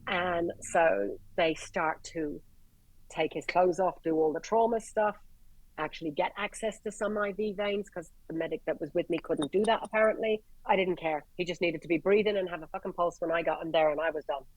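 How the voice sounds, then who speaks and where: Irish woman paramedic guest, blunt, animated storyteller, dry close sound. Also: lowish voice, normal speed, no room sound, low-quality recording. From Ireland. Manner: animated, blunt, swears freely, acts out quotes. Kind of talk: casual storytelling.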